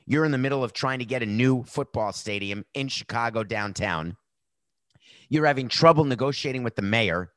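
A man's voice: medium pitch, moderate pace, a bit bright, no room sound. A middle-aged man hosts a podcast, scoffing and blunt as he picks apart statements. His voice sits in a middle register and is recorded dry and close, with no room sound. He talks in a mocking, opinionated way. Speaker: podcast host. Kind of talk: opinionated commentary.

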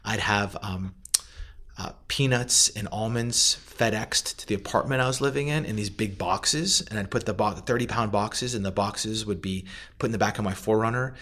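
A middle-aged man in a casual interview, telling the story of starting his food company, animated and acting out other people's lines with plenty of fillers. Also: fairly low pitch, normal speed. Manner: animated, acts out quoted voices, many fillers. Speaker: food company founder, guest.

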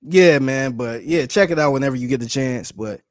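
A man's voice: medium pitch, moderate pace, no echo. Chatty laughing man, dry close sound. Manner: chatty storyteller, laughs often, casual slang. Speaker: podcast co-host. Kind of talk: casual podcast chat.

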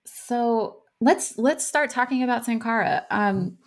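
A woman hosting an interview who asks long, measured questions with frequent pauses and "um"s. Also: on the high side. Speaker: interviewer, podcast host.

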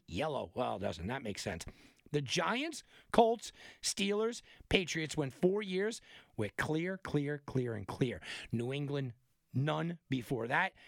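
On a sports betting podcast, a man with a higher voice and vocal fry talks casually in a clean studio with no room sound. His monologue is energetic, animated and chatty, full of anecdotes and many restarts.

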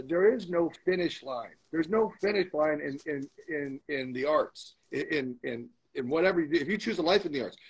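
A man's voice: on the high side, husky, rough recording. A man being interviewed as a guest, telling a candid story with emphatic, motivational repetition. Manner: emphatic, motivational, repeats phrases for stress.

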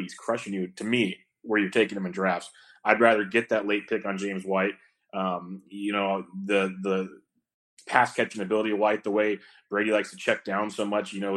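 Male podcast host, lowish voice, easygoing and quick, chatty. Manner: relaxed, quick, rambling talk. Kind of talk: casual chat.

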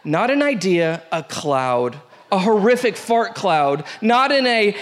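A man hosting a show, reading a funny first-date story aloud with lively, laughing delivery. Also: very high voice, unhurried. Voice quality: animated, breaks into laughter, shouts out the quoted lines. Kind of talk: comic storytelling read aloud.

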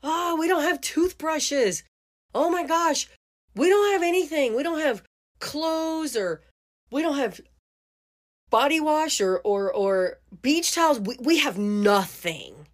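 A woman voicing a frantic middle-aged mother who talks high-pitched and keeps repeating herself in rising panic. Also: animated, slow. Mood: panicked. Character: frantic middle-aged mom in shrill disbelief.

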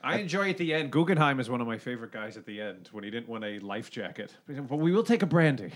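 A man's voice: medium pitch, expressive, quick pace. A man chatting casually and with amusement while commenting on a movie he is watching with friends.

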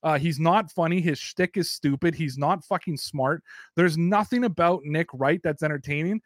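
Profane Canadian sports talk host. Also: male voice, fairly high pitch, normal speed, no echo, clean studio sound. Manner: blunt and profane, rambling opinions.

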